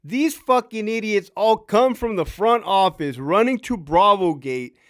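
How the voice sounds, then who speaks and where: A little slow and pitched high, this is the voice of a former prison officer in his fifties. Laughing often, he animatedly recounts profane stories on a casual live stream.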